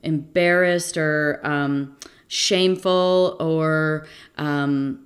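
A woman's voice: low voice, steady tone, very slow. A woman interviewing a guest in a casual conversation, reflective and rambling, with many fillers.

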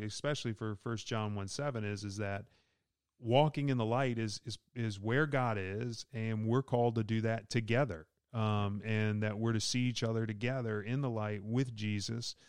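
A man's voice: mid-range voice, fairly even intonation, moderate pace, clear, resonant tone, no room sound, clean studio sound. A man with a Southern US accent, a pastor talking through Bible verses in an easygoing, joking podcast chat. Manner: easygoing, joking, laughs often. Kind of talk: casual podcast Bible discussion.

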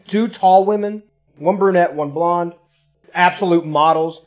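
A man telling a story in casual chat, animated and profane, acting out what people said. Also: high-pitched, a little slow. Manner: profane, animated, acts out quotes.

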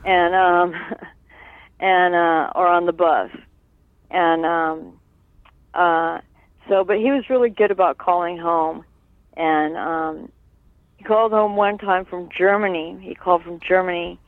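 A man's voice: high voice, fairly even intonation, takes it slowly, long pauses, clear, resonant tone, dry recording. A man reminisces at length in an interview, wandering with fillers and checking in with "right?" His voice comes through a thin, phone-like line. It sounds dry, with no room around it. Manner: rambling, many fillers, frequent "right?". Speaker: guest.

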